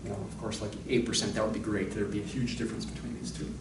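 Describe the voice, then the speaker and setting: A man's voice: on the low side, level tone, fast talker, distant mic, heavy background noise. A man lecturing on mathematics, explaining step by step and thinking aloud with asides. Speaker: math lecturer. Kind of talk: recorded university lecture. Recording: echoey room, voice a little off-mic.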